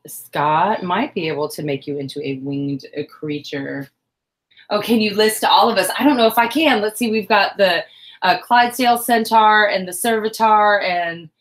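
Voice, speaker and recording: A woman's voice: medium pitch, a bit bright. A woman hosting a casual crafting livestream who chats with viewers, counts stitches aloud and jokes about her own mistakes. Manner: self-deprecating, chatty, counts stitches aloud.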